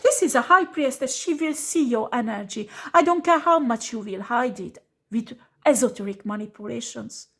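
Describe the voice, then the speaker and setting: A woman's voice: a little high, lively intonation, moderate pace, a bit bright, slightly rough. A woman giving a tarot reading who scolds bluntly and swears freely, repeating rhetorical questions for emphasis. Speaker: tarot reader.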